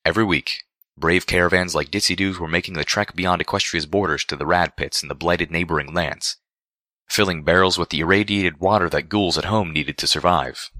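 A man narrating a fan fiction story aloud in a steady reading voice. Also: low-pitched, no room sound, clean studio sound.

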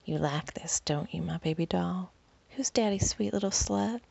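A woman voicing a dominant, commanding male lover in a whispered role-play, speaking low and teasing. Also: normal speed, creaky, darkish tone, breathy edge, no room sound, full character voice. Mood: taunting.

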